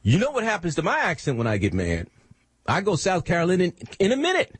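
A man's voice: high-pitched, huge pitch swings, fast, slightly rough, no echo. A man hosting a radio show, talking in an emphatic, preachy monologue full of rhetorical questions. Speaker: radio host.

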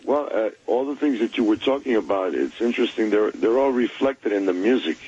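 A man joining a radio show as a guest, speaking in a measured, slightly hesitant way. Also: lowish voice, animated, dark tone. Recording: dull lo-fi line with faint noise.

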